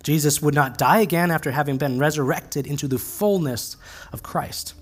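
A male pastor giving a conversational, earnest sermon, slowing down to stress key phrases. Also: on the high side.

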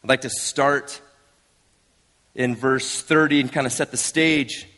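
A man's voice: medium pitch, steady tone, measured pace, pushed and bright. Earnest 30s pastor guy, chatty sermon, lots of restarts, big echoey church. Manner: earnest, conversational, with frequent restarts.

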